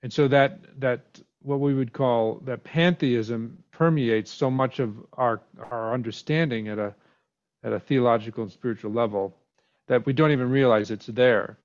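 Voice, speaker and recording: A man's voice: mid-range voice, moderate pace, lo-fi sound. A man teaching a class on spirituality and language in a thoughtful lecture, often repeating and restarting his words.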